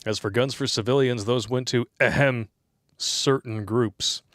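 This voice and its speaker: A man's voice: mid-range voice, steady tone, normal speed, dry recording. Dry-miked joking male livestream host. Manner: joking, laughs often, reads donations aloud. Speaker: livestream co-host reading viewer comments. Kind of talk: casual livestream chat.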